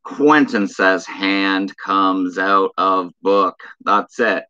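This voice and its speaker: Casual stream host, male, bright edgy tone, reads chat in a flat drawl. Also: low-pitched, drawn-out words, smooth, dull audio. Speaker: live stream host reading viewer chat.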